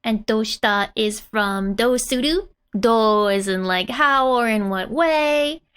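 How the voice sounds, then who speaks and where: A woman's voice: on the high side, takes it slowly, a bit bright, clear, resonant tone. A woman teaching a casual language lesson in a chatty way, often laughing and saying "like". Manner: chatty and giggly, with filler "like". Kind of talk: casual lesson explaining manga dialogue.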